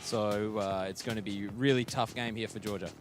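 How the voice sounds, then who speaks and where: A man's voice: fairly low pitch, steady tone, fairly quick. A man doing blunt, joking live esports commentary and analysis. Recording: faint music behind.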